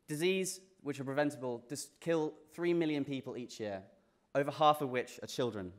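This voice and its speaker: A young man with a British accent giving a graduation class day speech, earnest with self-deprecating jokes and frequent restarts. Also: mid-range voice. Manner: restarts and repeats words. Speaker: graduating student speaker.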